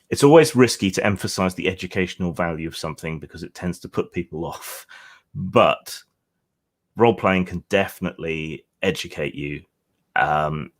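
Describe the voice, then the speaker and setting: A man co-hosting a casual discussion over a video call, earnest and chuckling between his points. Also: sits low. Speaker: co-host.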